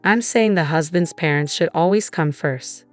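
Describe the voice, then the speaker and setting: A man's voice: a little high, normal speed, faint music behind, close to an everyday voice. A woman voicing a controlling, dismissive husband who scoffs and sneers. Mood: scornful. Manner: dismissive, scornful. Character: smug controlling husband, adult man.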